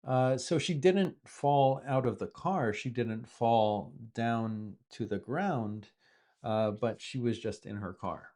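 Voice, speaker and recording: A man's voice: mid-range voice, takes it slowly, dark tone. A man teaching English, explaining word use patiently with repeated examples as a native speaker. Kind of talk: explaining vocabulary from the news.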